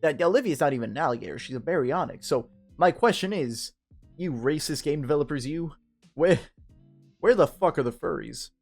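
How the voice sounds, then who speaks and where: Drunk gamer guy, gravelly, swears a lot, loose rambling chat, soft guitar music under him. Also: a little high, expressive, brisk. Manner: rambling, profane, tipsy and joking. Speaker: game streamer. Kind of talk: casual let's-play commentary, reading game text aloud.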